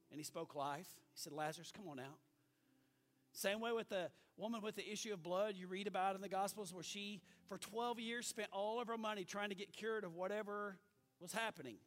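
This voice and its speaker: A middle-aged man preaching as pastor, folksy and animated, asking the congregation for amens. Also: high voice. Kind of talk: sermon.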